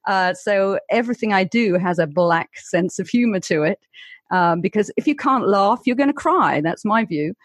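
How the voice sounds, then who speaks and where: British rp lady, former broadcaster, lively and wry, dry close sound. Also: mid-range voice, moderate pace, no echo. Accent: English received pronunciation. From Britain. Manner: articulate, lively, wry humor. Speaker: guest, author and former broadcaster. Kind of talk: interview conversation.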